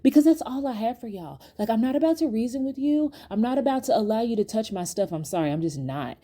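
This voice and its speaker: A woman hosting her own podcast, telling a storytime in a chatty, animated way and talking straight to her listeners. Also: a little high, fast talker. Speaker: podcast host. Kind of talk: casual storytime to viewers.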